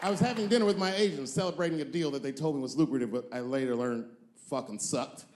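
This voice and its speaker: A male comedian telling a long story on stage, moving between loud punchlines and low, drawn-out asides. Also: reverberant, crowd noise, background noise. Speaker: stand-up comedian.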